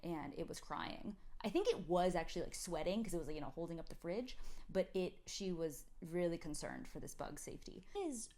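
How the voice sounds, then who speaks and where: A mother telling a comic anecdote in an animated, giggly, rambling way, full of restarts. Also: on the low side, a little fast. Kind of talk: comic storytelling.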